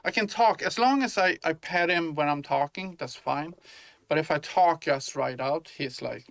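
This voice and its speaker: A man's voice: a little high, moderate pace, creaky, dry recording. A man chatting casually in a game-dev vlog, rambling with many fillers and restarts, thinking aloud as he works. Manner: thinks aloud while working. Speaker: indie game developer. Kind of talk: casual dev-log chat.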